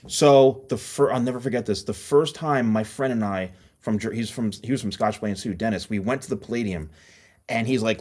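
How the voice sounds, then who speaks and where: A middle-aged podcast host from New Jersey chats casually in a brisk, middle-pitched voice. He tells long, energetic stories and animatedly acts out the voices of the people in his anecdotes.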